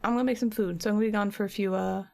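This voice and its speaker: A woman's voice: mid-range voice, steady tone, rapid-fire, vocal fry, a little mellow. A woman chatting loosely and rambling between topics while she crafts on a live stream. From United States. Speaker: art streamer.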